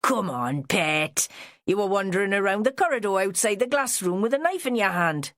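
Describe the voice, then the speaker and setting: A woman's voice: medium pitch, animated, normal speed, fairly bright tone, no room sound, studio quality, natural voice. A woman voicing a blunt, plain-spoken middle-aged female detective. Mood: coaxing.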